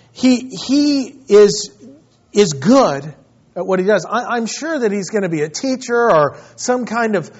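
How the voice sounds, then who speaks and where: High-voiced preacher, conversational sermon. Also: male voice, dull audio. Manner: conversational, anecdotal, with restarts. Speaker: pastor.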